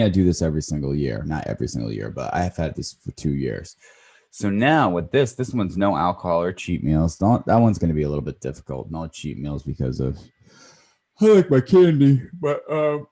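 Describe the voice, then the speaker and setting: A man in his thirties with a very low, husky voice chats casually on a podcast. His tone is mellow and dark. He rambles, backtracks and corrects himself as he talks. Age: 30s. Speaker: podcast co-host.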